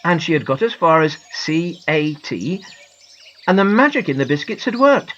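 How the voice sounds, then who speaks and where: A woman narrating a children's storybook in a gentle, expressive manner. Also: low-pitched, moderate pace, lo-fi sound.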